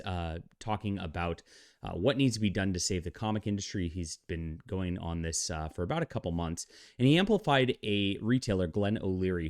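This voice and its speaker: A man's voice: deep voice, no room sound, clean studio sound. A man hosting a commentary vlog, ranting in a heated, mocking way with scoffing laughs and rambling restarts. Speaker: channel host and comic commentator.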